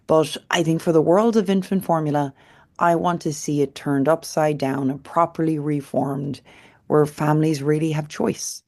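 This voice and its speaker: A woman's voice: low voice, steady tone, moderate pace, a little mellow. An Irish woman in her thirties, a company founder answering interview questions as an earnest storyteller with many restarts. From Ireland.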